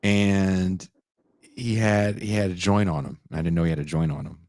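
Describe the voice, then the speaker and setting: A man in his forties talks with a notably deep voice. The recording is dry and close, with no room sound. As a podcast host he tells a story in a lively, casual way and gives the people in it their own voices. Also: moderate pace, no room sound. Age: 40s.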